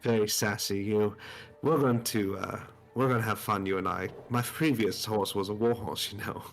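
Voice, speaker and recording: A man playing his character in a tabletop role-play, talking haltingly and laughing easily. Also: lowish voice, steady tone, faint music behind. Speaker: player.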